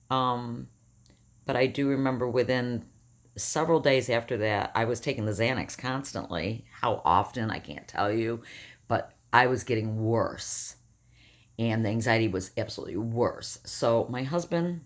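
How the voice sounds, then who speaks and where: Woman with a rough morning voice. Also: a bass voice, normal speed. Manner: rambling, self-correcting, animated. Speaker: vlogger. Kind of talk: casual personal storytelling.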